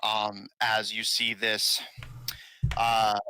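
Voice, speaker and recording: A man narrating as game master of a tabletop game, halting with many fillers. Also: fairly low pitch, monotone, sharp tone, smooth, no room sound, poor audio.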